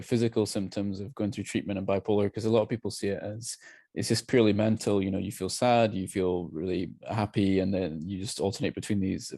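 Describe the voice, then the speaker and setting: A man co-hosting a podcast responds reflectively to his guest. His voice is low and mellow. The sound is dry and close, with no room echo. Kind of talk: conversational interview.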